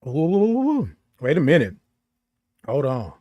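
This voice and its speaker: Greeting viewers by name in exuberant, drawn-out sung hellos, a man runs a casual morning live show from his home studio. His slightly high voice is expressive and captured on a studio microphone with no room sound, though the highs are cut off.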